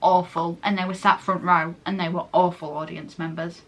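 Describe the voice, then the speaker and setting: Though she's gushing and rambling, often interrupting herself, this late-teen English vlogger delivers her casual chat flatly at a moderate pace. Her voice is lowish and a bit bright.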